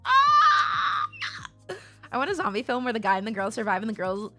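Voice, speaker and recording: A woman live streamer chats casually with viewers through a streaming microphone, blunt, animated and swearing freely. Her medium-pitched voice comes rapid-fire, with faint music in the background.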